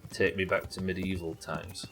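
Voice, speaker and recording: A man's voice: low voice, little pitch movement, normal speed, noisy background. A man streaming a game live, chatting casually with his viewers and swearing freely as he goes. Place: home streaming setup.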